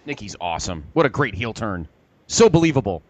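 A male podcast host leading a casual panel, playful as he tosses questions to his co-hosts. His pitch swings widely and he sounds animated. The recording is dry and close, with no room sound. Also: normal speed, no room sound.

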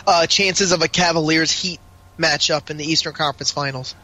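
A man co-hosting a podcast, chatting casually about basketball, asking questions and throwing in quick asides. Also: on the high side, steady tone, bright, forceful tone, rough recording. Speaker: podcast co-host. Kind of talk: casual sports chat.

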